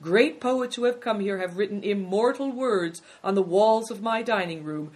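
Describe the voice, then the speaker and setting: A narrator voicing an old male innkeeper who fawns and flatters with gushing, shrill exclamations. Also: moderate pace, close to an everyday voice. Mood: flattering. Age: older.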